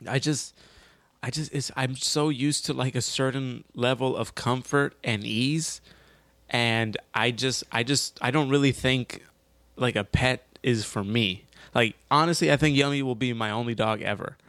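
A young man with an average-pitched voice rambles in a casual chat. He stumbles over his words, laughs often and swears now and then. The recording is dry and close. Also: steady tone, unhurried, a bit bright, dry recording.

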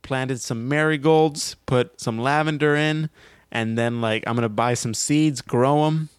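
Young man in his 20s, mid-pitched, rambling hesitant co-host, dry close sound. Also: unhurried, smooth, dry recording. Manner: rambling, hesitant, easily amused. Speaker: podcast co-host. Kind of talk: casual comedic banter.

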